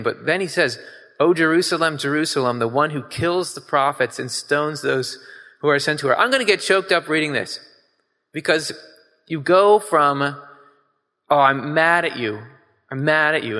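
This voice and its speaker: A man's voice: mid-range voice, pushed and bright. A man giving a casual sermon, reading scripture and talking it over in a conversational, emphatic way, asking his listeners questions. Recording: long hall reverb.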